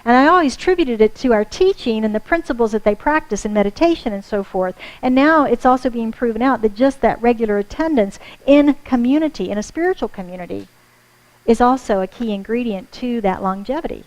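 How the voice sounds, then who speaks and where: American lady pastor giving a sunday sermon, chatty, checks in with the crowd, bit high voice. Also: brisk, rough recording. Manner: warm conversational preaching with audience asides. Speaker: minister. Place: church sanctuary.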